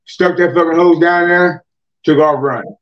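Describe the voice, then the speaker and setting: A man's voice: fairly high pitch, fairly even intonation, normal speed. A man telling a long rambling story in casual chat, cursing constantly and padding with "man" and "you know". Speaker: podcast guest, moonshiner. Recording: dull lo-fi podcast audio.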